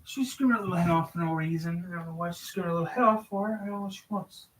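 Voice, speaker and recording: A woman's voice: fairly low pitch, racing. A woman vlogging at home, rambling and thinking aloud while talking to herself and her cat. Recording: distant mic with faint noise.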